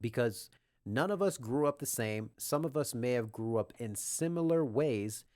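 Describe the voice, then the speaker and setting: A man's voice: medium pitch, normal speed, no room sound. Young guy ranting on his podcast, says bro nonstop, swears a lot, dry close mic. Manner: profane, says "bro" constantly, animated outbursts. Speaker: podcast host. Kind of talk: casual storytelling rant.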